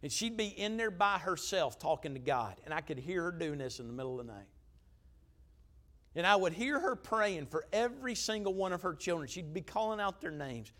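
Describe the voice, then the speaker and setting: A pastor tells stories from the pulpit. He has a high voice for a man and preaches emphatically, dropping to a hush and then rising again. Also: big pitch swings, a little fast. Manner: emphatic, conversational preaching with swings in volume. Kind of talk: storytelling sermon.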